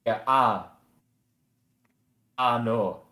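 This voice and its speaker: A man with a regional British accent and flat vowels, hosting a casual livestream chat with short, dry replies. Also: medium pitch, very slow. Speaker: streamer host. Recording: roomy, echoey sound.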